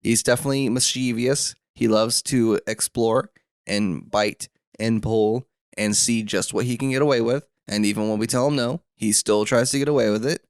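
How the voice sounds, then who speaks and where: A young man hosting a solo podcast from a room at home, rambling with lots of fillers and restarts, his throat rough and catching. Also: mid-range voice, fairly even intonation, moderate pace, no echo, studio quality. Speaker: podcast host.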